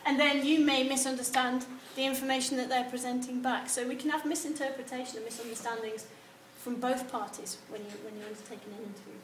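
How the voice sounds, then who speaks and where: A high-pitched woman lectures students in an echoey room, lively and acting out sample answers in quoted voices. A faint hum of noise sits under her voice. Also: fast, few pauses. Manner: animated, acts out example replies. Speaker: university lecturer. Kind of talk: lecture on research methods. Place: lecture hall.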